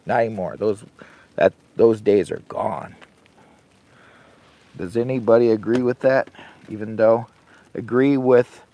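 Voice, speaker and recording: A low, gravelly-voiced older man hosts a casual camping livestream from inside a heated tent. He rambles in a folksy, easygoing way, chatting with viewers between sips of coffee. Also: warm tone. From Michigan. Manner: rambling, folksy, talks to chat and his dog. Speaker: camping channel host.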